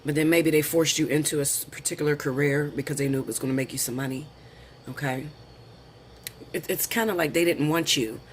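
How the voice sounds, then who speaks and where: A man's voice: fairly high pitch, steady tone, a little hiss or hum. A man doing a casual tarot reading, chatty and slangy, calling viewers honey and girl. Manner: lists the cards slowly, then talks them through. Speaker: tarot reader.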